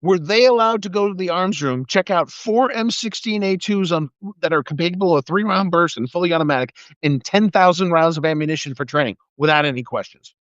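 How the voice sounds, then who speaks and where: Speaking high-pitched and a little fast with hardly any pauses, this middle-aged man rants angrily about politics, swearing and dripping sarcasm. He's a live video streamer who once worked as a military investigator. His fairly bright voice comes through a phone or webcam mic as dry, slightly muffled live stream audio without echo.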